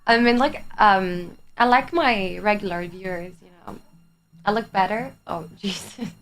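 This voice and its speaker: A young Greek woman, Greek her first language, talking to her viewers in loose, chatty English on a livestream. Her pitch sits in an ordinary middle range, and she laughs easily and drops the odd swear word. Soft music plays faintly behind her. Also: measured pace. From Greece. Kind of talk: casual chat with live chat.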